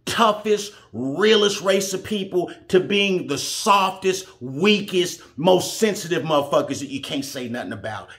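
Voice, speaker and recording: A man with a fairly high voice, talking bluntly and with heat. He swears freely and drives his points home like a sermon, giving his own reaction commentary. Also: a bit bright. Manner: blunt, heated, profane, preachy. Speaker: reaction show host.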